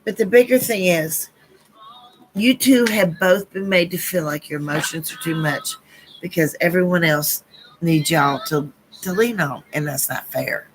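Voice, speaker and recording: A woman's voice: fairly low pitch, a little slow, slight background noise, low-quality recording. A woman with a Southern US accent giving a live-stream card reading to her chat, earnest and blunt, repeating phrases and calling people honey and baby. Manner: gushing, calls listeners honey and baby. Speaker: psychic card reader.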